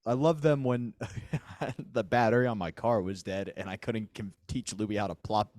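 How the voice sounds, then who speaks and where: Comedian guy, low voice, dry irritable deadpan chat, dead dry mic. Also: moderate pace, no room sound. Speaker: comedian, podcast co-host.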